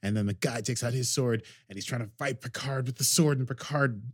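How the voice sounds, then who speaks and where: A man co-hosting a podcast who recaps a TV episode as an animated storyteller and laughs often. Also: medium pitch, brisk, breathy edge, no room sound, clean studio sound. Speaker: podcast co-host.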